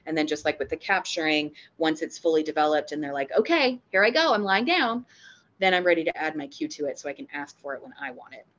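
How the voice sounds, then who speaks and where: A woman's voice: low-pitched, steady tone, quick pace, hardly any pauses, a bit bright, highs cut off. Upbeat woman giving a dog-training lecture. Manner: upbeat and playful, acts out dog reactions. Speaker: dog trainer and veterinary behavior technician.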